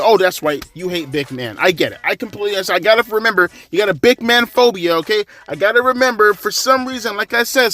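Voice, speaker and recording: A man reviewing a wrestling show in a ranting commentary, profane and exasperated, dropping to weary mutters then jumping to loud yells. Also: sits high.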